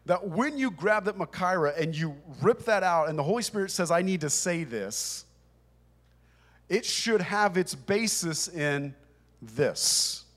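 A man's voice: sits high, animated, a little slow, a bit bright. A man preaching a sermon to a congregation in a conversational, emphatic way. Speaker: pastor. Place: church with congregation.

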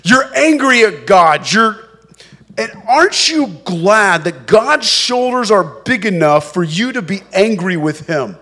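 A man preaching with a high-pitched voice that stays unhurried and deliberate. He leans on words for emphasis and slips into the voices of the people in his story. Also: sing-song, sharp tone. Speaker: pastor. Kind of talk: sermon.

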